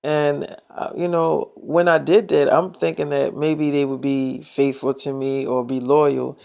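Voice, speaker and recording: A man's voice: a little high, little pitch movement, unhurried, creaky, a little mellow, smooth. A young man telling a personal story in a casual way, blunt and slangy with plenty of profanity.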